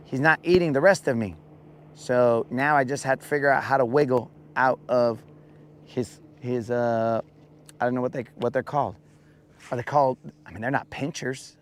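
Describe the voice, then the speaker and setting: A man hosting a casual live stream, in his rough morning voice with a dry mouth, rambling playfully and calling his viewers bro. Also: mid-range voice, steady tone, normal speed, slight background noise. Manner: playful rambling storyteller, addresses chat as bro. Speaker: fishing stream host.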